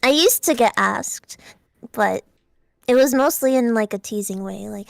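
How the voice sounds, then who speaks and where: A woman's voice: on the high side, unhurried, vocal fry, no room sound, clean studio sound. A young woman streaming, chatting casually and breaking into giggly, shrieking laughs. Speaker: VTuber streamer. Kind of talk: casual chat.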